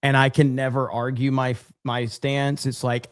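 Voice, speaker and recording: A man's voice: mid-range voice, flat delivery, moderate pace, few pauses, clean tone. A male livestream host reading super chats aloud in casual chat, swearing freely and laughing often.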